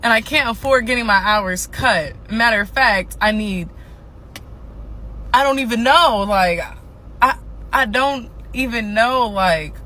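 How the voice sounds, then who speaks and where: A woman's voice: fairly high pitch, measured pace, pushed and bright. A worn-out woman ranting casually, frustrated, swearing and repeating herself. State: exhausted. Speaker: TikTok ranter.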